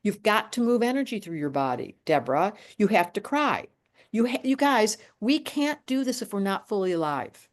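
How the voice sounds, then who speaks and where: She is a woman in her late sixties, speaking as an astrologer in loose conversation. Her talk is animated and emphatic, full of restarts and sudden turns of thought, at an ordinary middle pitch. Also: normal speed. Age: 60s. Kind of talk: casual chat.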